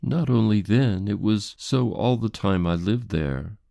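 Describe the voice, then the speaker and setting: Guy doing a prim offended posh lady for an audiobook, higher-pitched, kinda gravelly underneath. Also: measured pace, warm tone, dry recording, clean studio sound. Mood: defensive. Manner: prim, defensive, formal. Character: haughty, indignant English society lady.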